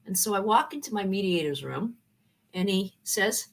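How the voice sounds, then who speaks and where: A former college professor, a woman with a gravelly mid-range voice, tells a personal story at normal speed. She's animated and acts out the dialogue as she goes.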